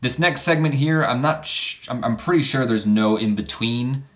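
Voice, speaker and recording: A man's voice: medium pitch, normal speed. A man hosting a game playthrough, narrating casually and correcting himself as he goes. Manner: rambling, self-correcting. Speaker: let's play host.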